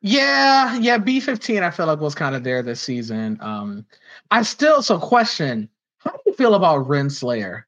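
A man's voice: fairly high pitch, huge pitch swings, measured pace, a bit bright. A man co-hosting a podcast, chatting casually and laughing easily. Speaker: podcast co-host. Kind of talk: casual chat. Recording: dull lo-fi sound.

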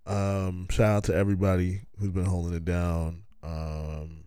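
Male podcast host, unhurried delivery, smooth resonant voice, animated and profane comic riffing. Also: low voice, dry recording, studio quality. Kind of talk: rambling comic monologue.

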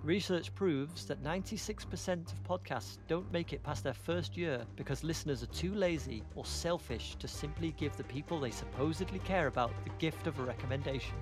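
A man's voice: on the high side, a little fast, hardly any pauses, music in the background. A man hosting a podcast, mixing casual banter with a dry, mock-serious scripted sign-off. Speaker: podcast host.

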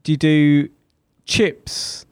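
A man's voice: a little high, fairly even intonation, very slow, clean tone, no room sound, clean studio sound. A man chatting on a podcast, asking questions and laughing along. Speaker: podcast co-host. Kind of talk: casual chat.

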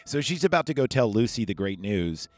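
Recapping a film on his podcast, this host speaks briskly in a fairly low voice with big swings in pitch. His casual review rambles with fillers and asides, recorded dry on a podcast mic over soft background music.

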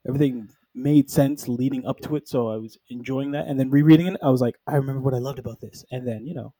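A man with a warm, mellow voice, recorded dry and close. He chats casually about comics, sprinkling in "like" and jumping into quick acted-out quotes from the characters. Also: mid-range voice, no room sound, low-quality recording. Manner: animated storytelling, acting out characters in quick quoted lines; peppers speech with "like". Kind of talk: casual comic book chat.

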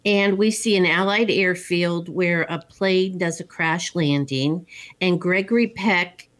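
Woman casually recapping a movie, lowish voice. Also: slow, a bit bright. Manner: rambling storyteller with many fillers.

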